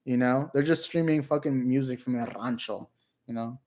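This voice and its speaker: A man's voice: medium pitch, normal speed, darkish tone. A young man hosting a casual livestream, reading chat aloud, joking, rambling and swearing. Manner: reads out chat messages. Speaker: livestream host.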